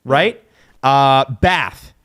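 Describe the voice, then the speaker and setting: A man's voice: medium pitch, very slow, a bit bright, clean tone, no echo, studio quality. A man hosting a podcast in a casual chat, often reading aloud from an article. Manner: reads aloud from an article, chatty. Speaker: podcast host.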